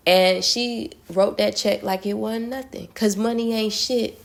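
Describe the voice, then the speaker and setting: A woman reading tarot, talking relaxed and direct to her viewers in a casual spiritual message, with plenty of slang. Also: mid-range voice, moderate pace, vocal fry. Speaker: tarot reader.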